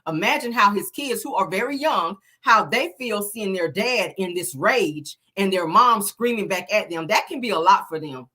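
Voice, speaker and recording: A woman's voice: mid-range voice, lively intonation, normal speed, hardly any pauses, bright, forceful tone. A woman hosting a celebrity gossip show, talking in a chatty, exasperated, slangy way. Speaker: show host.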